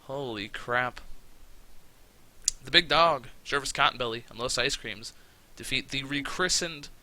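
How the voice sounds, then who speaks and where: A man narrating a game in casual let's-play style. His voice is very bright and forward. He talks in an excitable, profane way. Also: mid-range voice, unhurried, low-quality recording. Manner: excitable and profane, with frequent fillers. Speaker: game commentator.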